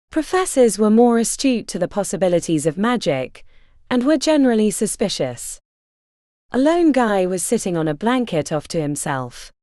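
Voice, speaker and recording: A woman narrating an unabridged fantasy audiobook in an expressive, measured storytelling manner. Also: mid-range voice, dry recording, clean studio sound.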